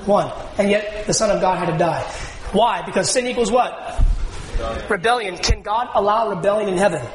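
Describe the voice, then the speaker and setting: A man preaching with a high voice, throwing questions out to the congregation and answering them himself. The sound is roomy and echoey, as if caught in a church hall. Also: normal speed, a crowd in the background. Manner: call-and-response preaching, asks the congregation questions. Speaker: pastor. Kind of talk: sermon.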